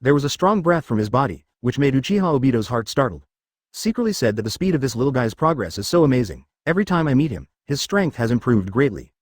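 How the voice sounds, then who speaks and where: Fast, lively male story narrator. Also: mid-range voice, no room sound, clean studio sound.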